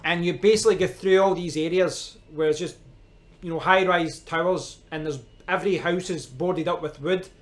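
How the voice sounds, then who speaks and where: Scottish male streamer, loose rambling chat, voice sits a touch high. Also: steady tone, normal speed. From Scotland. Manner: rambling, chatty, frequent restarts and fillers. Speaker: live stream host. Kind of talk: casual chat.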